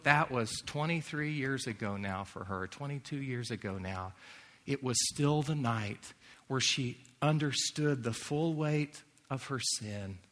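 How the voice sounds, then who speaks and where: Earnest guy preaching, bright forceful voice, long echo off a big hall. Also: mid-range voice. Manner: earnest, drops to a hushed near-whisper for quotes. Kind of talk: sermon. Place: large hall or chapel.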